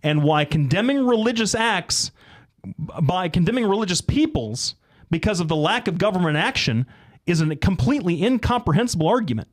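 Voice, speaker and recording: A man's voice: high voice, big pitch swings, a little fast. An American man co-hosting a political talk show, reading sources aloud and arguing back, his voice rising when pressed. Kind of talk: heated political debate.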